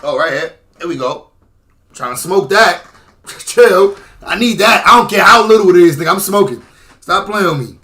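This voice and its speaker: A man with a high, bright voice talks over interview clips, cracking jokes and swearing freely. His tone is loose and mocking, and he often bursts into loud laughter and shouting. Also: animated, moderate pace. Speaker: commentator reacting to clips. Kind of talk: casual reaction commentary.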